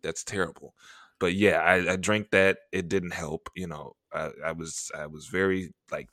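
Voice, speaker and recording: Low-voiced man telling a story. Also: normal speed, no echo, studio quality. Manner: animated, acts out quotes with laughs and whispers. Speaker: podcast host. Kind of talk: casual storytelling chat.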